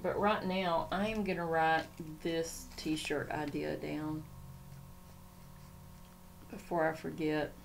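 A woman's voice: low voice, little pitch movement, slow pace, vocal fry, pauses often, a little hiss or hum. A woman chatting casually in a home vlog, rambling and easily sidetracked as she talks. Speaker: Christian vlogger. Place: home room.

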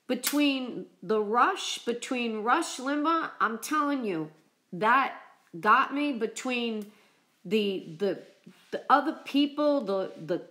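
A woman vlogger chatting on a live stream, emotional and choked up from crying, talking haltingly with many restarts. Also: fairly high pitch, a bit bright. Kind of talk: casual live-stream chat.

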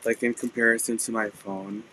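A hoarse man who is losing his voice, hosting a casual live-stream sale and describing each item in detail. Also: lowish voice, level tone, a little fast, background noise. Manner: chatty, describes items in detail.

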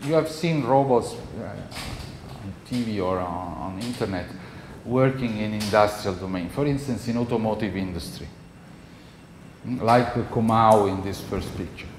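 A man's voice: fairly low pitch, moderate pace. A male university professor with an Italian accent giving a classroom lecture, conversational and checking in with the class often. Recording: echoey lecture hall, faint noise.

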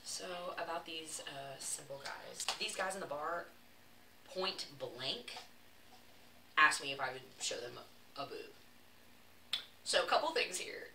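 Young Southern woman from Texas, low and chatty, vlog host; distant, roomy, noisy recording. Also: animated, takes it slowly, pauses often. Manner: chatty, laughing, playful asides. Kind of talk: casual storytelling while baking. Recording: echoey room, voice from a distance, background noise.

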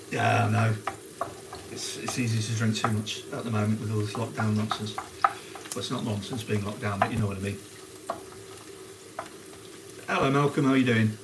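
The recording is very noisy, with onions frying loudly behind a man's fairly low, fairly even voice. Hosting a live cooking stream at normal speed, he pauses often, chats casually, and greets viewers by name.

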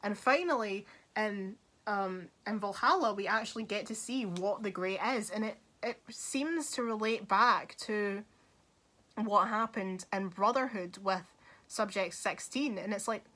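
A young woman hosting a casual gaming talk video, animated and laughing often, swearing freely as she shares her thoughts. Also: medium pitch, unhurried.

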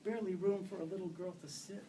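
A male author reading his own fiction aloud at a live event, in steady, measured narration. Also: high-pitched, far from the mic, slight background noise, poor audio. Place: event room.

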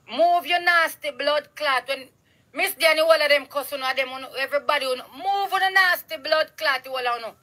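A Jamaican woman ranting outdoors in a yard, loud, heated and full of curses, recorded on a phone. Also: high voice, rough recording. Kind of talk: angry street rant to camera.

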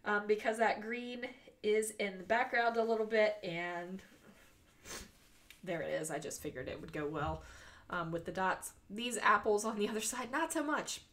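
A woman's voice: mid-range voice, normal speed, a bit bright. A woman in her forties, congested and breathing through her mouth, narrating a casual crafting voice-over in a chatty, rambling way with frequent ums. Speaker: scrapbooking video host.

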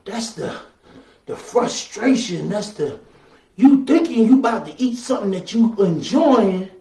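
High-voiced preacher in an echoey church. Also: male voice, animated, unhurried, creaky, distant mic. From Southern US. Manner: call-and-response preaching, building to shouts. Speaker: pastor. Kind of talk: sermon. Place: church sanctuary, from afar.

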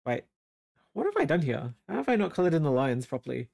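An artist with an Australian accent chats on a livestream while drawing, with a voice of middling pitch. The talk is loose and friendly, jumping up in excitement when reading viewers' messages and dropping to low muttering while working. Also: fast, vocal fry. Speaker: artist streaming a drawing session. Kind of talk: casual livestream chat.

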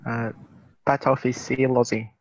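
Halting male student, flat voice. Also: mid-range voice, lo-fi sound. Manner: halting, tries words piece by piece.

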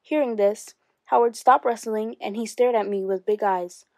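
A woman teacher reading a memoir aloud to her class, steady and expressive, with rises for emphasis. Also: medium pitch, moderate pace, no echo.

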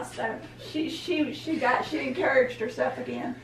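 A woman telling family stories casually to camera, chatty and quick to laugh. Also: high voice, steady tone, fairly bright tone. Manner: chatty storyteller, laughs easily. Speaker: homestead vlogger. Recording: echoey room, mic at a distance.

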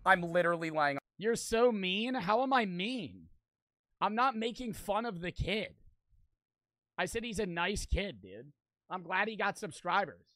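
A man's voice: high voice, very animated, measured pace, sharp tone, dry recording. A young man in his twenties streaming, chatting casually and rambling, swearing often and filling his talk with "like". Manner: rambling, swears a lot, fills with "like".

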